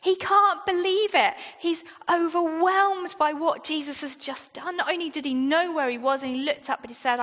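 A woman's voice: sits high, moderate pace, hardly any pauses, fairly bright tone. A British woman preaching a sermon in a conversational way, often asking her listeners rhetorical questions. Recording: long reverb of a large hall.

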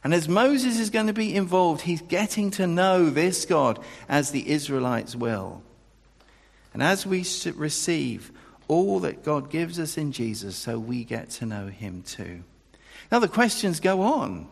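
A man preaching a sermon, animated and acting out the dialogue of the figures he quotes, often breaking off and restarting. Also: a little slow, creaky. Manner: animated, acts out quoted dialogue with pitch jumps, self-interrupting. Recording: long reverb of a large hall.

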